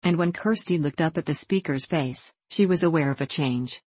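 Low, husky woman narrating a classic novel. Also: no room sound. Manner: measured, even storytelling. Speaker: audiobook narrator.

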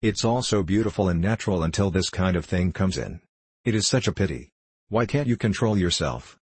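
A man reading the lines of a proud, aloof young woman in a storybook, in a cool, gently reproving manner. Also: low-pitched, animated, fairly quick, husky, dry recording.

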